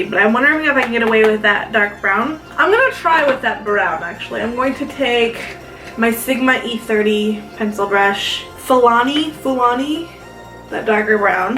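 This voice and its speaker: A woman's voice: a little high, fairly bright tone, distant mic. A young woman from South Dakota chatting casually while doing her makeup, rambling with lots of "like" fillers. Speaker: beauty vlogger. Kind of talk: casual get-ready-with-me chat. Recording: echoey room, a bit off-mic, faint music.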